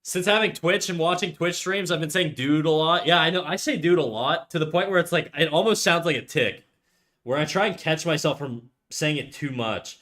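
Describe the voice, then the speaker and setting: A man's voice: fairly high pitch, a little fast, fairly bright tone. A young man from Canada chatting casually on a drawing stream, rambling and laid-back, and swearing freely. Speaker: art streamer. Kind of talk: casual chat while drawing.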